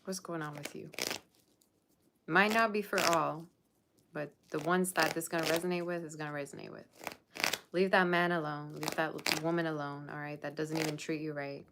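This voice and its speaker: Low-voiced sassy woman tarot reader. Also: fairly even intonation, moderate pace, very noisy. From Persian Russian background. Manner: sassy, blunt, scolding viewers. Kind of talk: casual tarot reading monologue.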